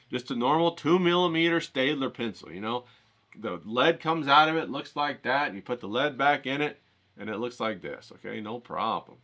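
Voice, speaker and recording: Bright, lively man hyping an art challenge. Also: medium pitch. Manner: hyped, rambling, coaching, swears casually. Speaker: art channel host. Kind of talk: casual drawing tutorial to camera.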